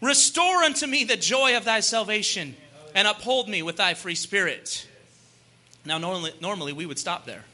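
Young guy preaching, really high bright voice, gets loud and fired up. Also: lively intonation, normal speed. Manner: fervent, rising to shouts, then lighter and joking. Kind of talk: sermon.

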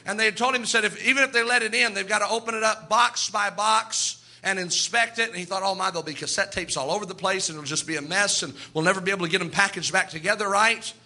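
Male preacher, very high and piercing voice, fervent sermon delivery that voices the people in his stories. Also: fast talker, few pauses, bright, forceful tone.

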